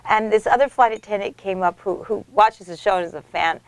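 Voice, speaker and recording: A middle-aged American woman tells her story with animated, gushing energy, often restarting her sentences. Her voice sits at a mid pitch. The sound is dry and close, with no room around it. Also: a little fast, no room sound. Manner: animated and effusive, many restarts. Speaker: actress and interview guest. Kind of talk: casual storytelling in an interview.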